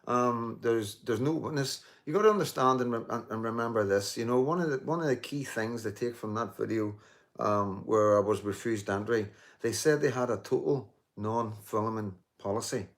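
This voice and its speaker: A man's voice: medium pitch, normal speed. A man in his fifties hosting a casual live stream, reading viewer comments, talking emphatically with lots of repeats and restarts, swearing and joking with commenters. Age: 50s. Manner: emphatic, repeats himself, many restarts and "you know".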